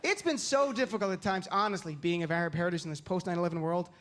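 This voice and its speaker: A male comedian from New Jersey works a live crowd from the stage in an animated, mocking manner. His voice sits high for a man. The audience noise rises clearly around him. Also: quick pace. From New Jersey, USA. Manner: animated, mocking delivery with many put-on voices. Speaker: stand-up comedian. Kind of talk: stand-up comedy.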